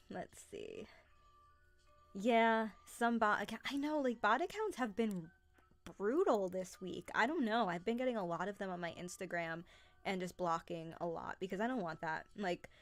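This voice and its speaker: A young woman chats casually on a live stream, excitable and friendly as she greets viewers by name. Her voice sits at an ordinary middle pitch. Soft music plays faintly underneath. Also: unhurried.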